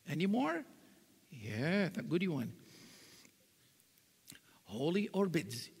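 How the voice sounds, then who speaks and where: In a big, echoing mosque hall, a male religious speaker delivers a live sermon, animatedly telling stories and quoting Arabic verses. His voice sits a little high and has a slight roughness.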